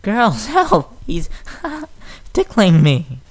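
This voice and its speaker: A man doing a sweet little filly who stammers and giggles, pitched high above his own voice. her talk is small and timid. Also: expressive, slow pace, darkish tone.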